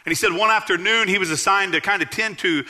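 A man, preaching a sermon as pastor in a church, earnestly emphatic and dropping low to tell stories. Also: fast talker, pushed and bright. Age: 40s.

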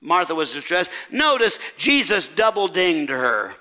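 A male pastor preaching an animated, dramatic sermon and quizzing his congregation. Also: high-pitched, a little slow, hardly any pauses.

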